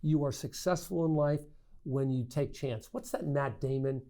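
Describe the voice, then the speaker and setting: Middle-aged male politician guest, lively storyteller, frequent restarts and stammers, conversational. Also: medium pitch, normal speed. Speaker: state senator, podcast guest. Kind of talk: candid interview storytelling.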